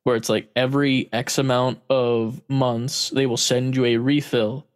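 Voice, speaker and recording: A man's voice: mid-range voice, level tone, measured pace, clean tone. A man in casual chat, telling a story with frequent laughs and casual swearing.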